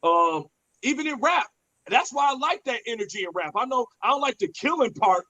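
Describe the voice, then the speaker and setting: A man's voice: very high voice, a little fast, rough recording. A man, telling stories bluntly and profanely in a casual podcast chat. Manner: blunt, profane, animated storyteller.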